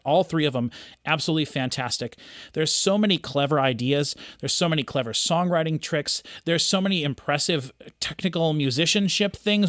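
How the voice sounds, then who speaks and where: A man's voice: on the high side, a bit bright, dry recording, clean studio sound. A man hosting a music reaction video, talking enthusiastically off the cuff and often restarting his sentences. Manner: enthusiastic, rambling with many restarts and fillers. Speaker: music reaction host, audio engineer. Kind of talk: casual unscripted commentary.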